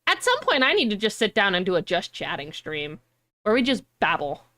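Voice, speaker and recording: A young woman streamer chatting casually, animated and rambling, with frequent swearing. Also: medium pitch, fairly quick.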